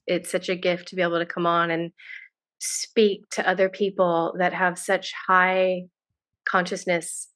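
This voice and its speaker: A woman's voice: fairly low pitch, fairly bright tone. Effusive woman rambling as a podcast guest. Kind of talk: casual interview chat.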